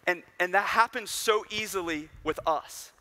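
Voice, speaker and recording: A man's voice: high-pitched, moderate pace, pushed and bright. A young man preaching a sermon in a casual, storytelling way with conversational asides. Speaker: pastor.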